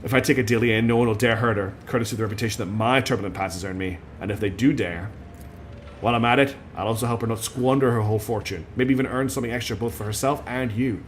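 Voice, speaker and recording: A man voicing a calm, worldly character who speaks in a low, measured way. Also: slight background noise, natural voice.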